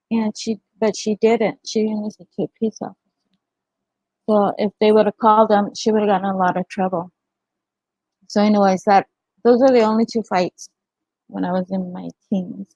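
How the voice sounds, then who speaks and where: A woman's voice: mid-range voice, little pitch movement, moderate pace, pauses often, mellow, dry recording, poor audio. A middle-aged woman chatting on her livestream, telling a story and laughing often. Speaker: livestream host. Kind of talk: casual chat with live viewers.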